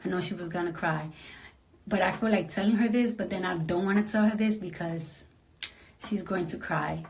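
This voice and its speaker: A sleepy woman at home at night, talking into her phone on a casual livestream, soft and emotional and often dropping to a whisper. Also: fairly low pitch, moderate pace, slight background noise.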